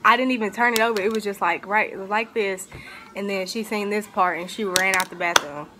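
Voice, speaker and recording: A woman's voice: medium pitch, fairly even intonation, brisk. A young woman telling a personal story in a casual, rambling way, full of fillers and restarts, with a faint hiss behind her. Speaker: vlogger.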